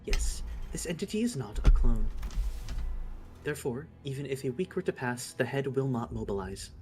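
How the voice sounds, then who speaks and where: A man's voice: mid-range voice, big pitch swings, moderate pace, natural voice. A man reading a game aloud and voicing a composed, formal woman who explains things matter-of-factly. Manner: stiff, formal, matter-of-fact. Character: calm formal know-it-all woman, composed. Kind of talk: game dialogue read aloud.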